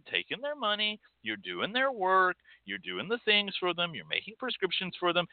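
A man's voice: sits high, dry recording. A man with a Texan accent hosting a show, delivering an emphatic, scolding monologue. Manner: emphatic, scolding, with mocking quoted voices. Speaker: podcast host. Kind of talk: opinionated monologue. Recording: tinny phone-like line.

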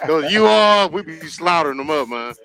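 A man joking in a slow drawl during a casual group chat. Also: fairly high pitch, lively intonation, music in the background.

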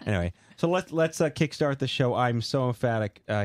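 A man with a New York accent hosting a casual talk show, rambling and joking through quick asides. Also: medium pitch, animated, music in the background. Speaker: show host. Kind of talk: casual talk-radio banter.

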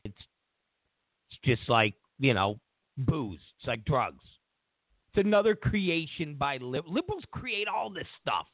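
A man's voice: on the high side, sing-song, a little slow, dry recording. A male talk show host in a mocking, rambling comedic political rant, repeating his phrases. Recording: tinny phone-like line, dry.

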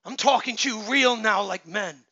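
A man in his thirties preaching a sermon as pastor, exhorting the men in his congregation and swinging from loud shouts to low murmurs. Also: normal speed, no room sound. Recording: dull lo-fi sound.

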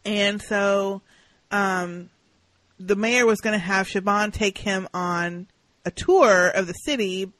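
Woman, podcast co-host, casual recap, animated, acts out lines, dry close sound, mid pitch. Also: measured pace, no room sound, rough recording.

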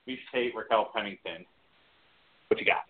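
A man co-hosting a casual sports talk show, excitable and rambling with fillers. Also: lowish voice, normal speed. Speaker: podcast co-host. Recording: phone-like internet radio audio.

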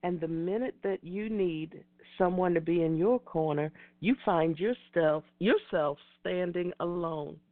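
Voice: medium pitch, a little slow, hardly any pauses, no room sound. A middle-aged host giving an earnest, emphatic motivational talk, repeating key phrases like a preacher. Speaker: host of an online talk show. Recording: dry tinny phone-like audio.

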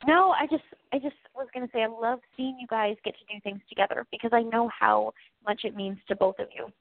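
A woman's voice: on the high side, steady tone, a little fast, no echo. A woman co-hosting a faith-based chat show, affirming and encouraging her partner. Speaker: co-host. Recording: tinny phone-like dry audio.

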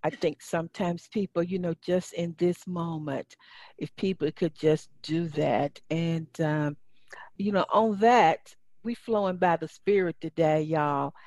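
A woman hosts an inspirational chat, her voice sitting a little low. She speaks in a lively, encouraging, faith-filled way. The sound is close and dry, with no room around it. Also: measured pace, no room sound. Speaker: podcast host. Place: Atlanta.

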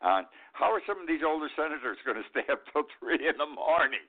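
A man's voice: on the high side, expressive, quick pace. Indignant older man on a tinny line. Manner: indignant, emphatic, repeats points. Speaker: talk show host. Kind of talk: political commentary monologue.

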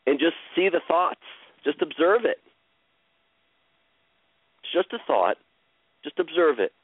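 Man coaching slowly over a tinny line. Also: on the high side, sing-song, husky, no room sound. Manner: slow, soothing, repetitive guidance. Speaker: host coaching a caller. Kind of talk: live coaching session.

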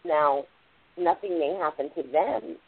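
A woman's voice: low voice, measured pace, husky. Woman on a tinny phone line. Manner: rambling, repeats "like" and "literally". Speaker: radio show host, spiritual channeler. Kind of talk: casual spiritual explanation.

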